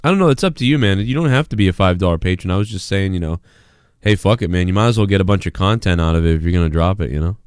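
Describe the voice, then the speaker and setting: A man's voice: sits low, expressive, very fast, clear, resonant tone, dry recording, studio quality. A man hosting a live stream in casual chat, rambling, swearing freely and reading viewer messages aloud. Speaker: live-stream show host.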